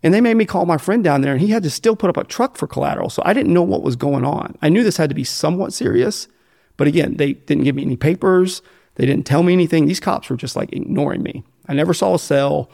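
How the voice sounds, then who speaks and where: A man's voice: a little high, fast talker, gravelly, a little mellow. An American man speaking bluntly and profanely, rambling with fillers and restarts as he tells his story in an interview. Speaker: guest telling his addiction story.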